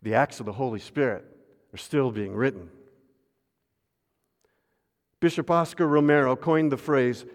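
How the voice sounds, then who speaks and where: Preaching man with a ringing hall echo. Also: on the high side. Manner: dramatic swings between loud refrains and hushed asides; calls on the congregation to repeat a refrain. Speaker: pastor. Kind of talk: sermon. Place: church sanctuary. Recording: long hall reverb.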